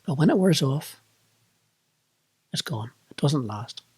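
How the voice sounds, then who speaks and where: A man's voice: on the high side, lively intonation, slow, darkish tone, slightly rough, no echo. A middle-aged man with a Northern Irish accent, candidly recounting a personal experience in a reflective monologue. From Northern Ireland. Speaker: vlogger.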